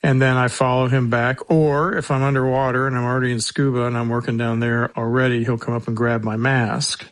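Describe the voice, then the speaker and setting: A man's voice: medium pitch, level tone, brisk, hardly any pauses, no room sound. A man who handles a search and rescue otter, telling stories in a folksy, joking way with a lot of restarts. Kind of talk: casual interview storytelling.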